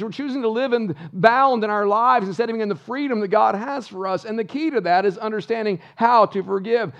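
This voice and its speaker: A man's voice: very high voice, creaky. A male pastor preaching a sermon in church, emphatic and full of rhetorical questions to the congregation. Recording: dull lo-fi sound.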